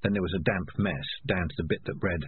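Husky man reading an audiobook. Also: low voice, brisk, no room sound. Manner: expressive reading. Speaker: audiobook narrator. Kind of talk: scripted narration. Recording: lo-fi phone-like sound.

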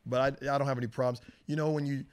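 Man, storyteller, acts out other people's voices, casual podcast chat, middle pitch. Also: flat delivery, rapid-fire. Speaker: guest, television writer and showrunner. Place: Los Angeles area.

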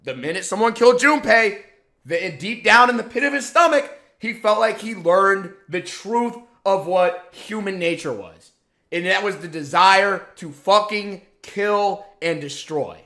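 A man rants as an anime commentator, profane and exasperated, shooting off rhetorical questions and frequently shouting. His voice is high-pitched and expressive, and he speaks a little slowly.

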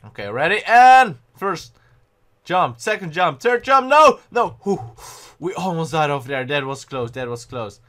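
Excitable bright-voiced young man gaming. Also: fairly high pitch, unhurried. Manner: excitable, panicky outbursts and self-mocking. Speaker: gaming channel host. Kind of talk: gameplay commentary.

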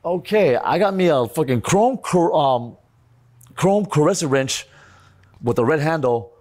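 A man telling a story in a lively way, acting out voices, swearing and mixing in Spanish phrases. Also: a little high, a little slow. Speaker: storyteller guest. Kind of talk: animated storytelling.

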